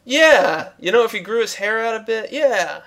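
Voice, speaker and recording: A male podcast host with a raspy edge of vocal fry. His voice sits a touch high. He jokes wryly in casual banter and leads the segments. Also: expressive, moderate pace, a bit bright. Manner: joking, wry, leads segments.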